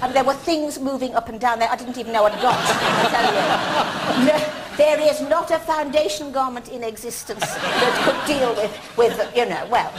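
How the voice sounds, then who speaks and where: A woman's voice: on the high side, normal speed, over a noisy crowd, very noisy. A woman in her fifties, a guest on a chat show, telling self-mocking stories and laughing often.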